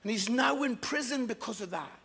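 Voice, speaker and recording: A man's voice: extremely high pitch, expressive, brisk, sharp tone, breathy edge. A man preaching a sermon, passionate and emphatic, with jokes along the way. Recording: long echoing hall reverb.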